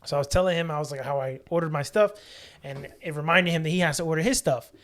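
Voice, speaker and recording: Male podcast co-host, quick animated storyteller, swears freely. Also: fairly high pitch. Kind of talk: casual chat, storytelling.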